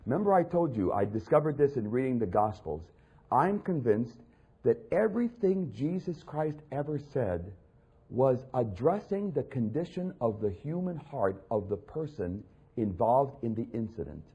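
A preacher man delivering an animated sermon, his pitch swinging widely and his tone slightly husky. He breaks into mocking voices and climbs to loud, raised peaks. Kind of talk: sermon with scripture reading.

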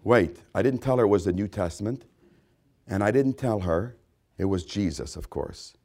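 A man preaching a sermon, swinging between loud, emphatic repetition and low, hushed asides. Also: lively intonation, moderate pace. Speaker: pastor.

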